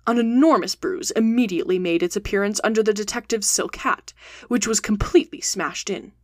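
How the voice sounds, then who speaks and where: A woman hosting a storytelling podcast, reading a classic novel aloud in a steady, clear, expressive way. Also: mid-range voice, brisk, no room sound, clean studio sound.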